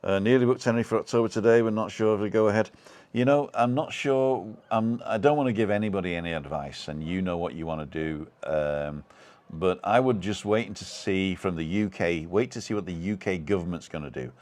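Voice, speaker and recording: A British man hosts a live stream from home, reading viewer comments aloud and chatting in a loose, rambling way. His voice sits very low, and he leans on fillers and false starts. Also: brisk, darkish tone. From United Kingdom.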